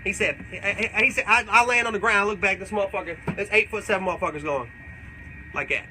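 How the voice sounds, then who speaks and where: A man's voice: high-pitched, fast, noisy background, natural voice. A man playing a crude, boastful redneck character who rambles through tall tales and swears constantly during a comedic livestream Q&A. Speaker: comedic character answering fan questions.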